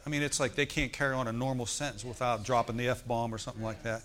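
A man's voice: medium pitch, flat delivery, fast talker, a bit bright. A middle-aged male preacher, telling a story and calling out to the congregation in a sermon. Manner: storytelling, asks the congregation for responses.

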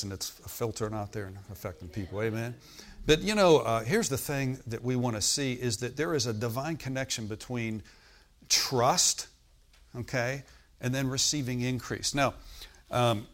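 Guy preaching, keeps asking for amens, plain mid voice, leans hard on words. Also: mid-range voice. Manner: emphatic, repetitive, frequent "Amen?" calls to listeners. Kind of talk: sermon. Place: hotel meeting room.

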